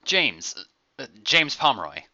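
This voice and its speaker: A timid young henchman, as a male narrator plays him, stammering and eager to please. His voice is sharp and bright and jumps around in pitch, through a muffled lo-fi recording. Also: very animated, slow, full character voice. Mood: flustered. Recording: dull lo-fi recording.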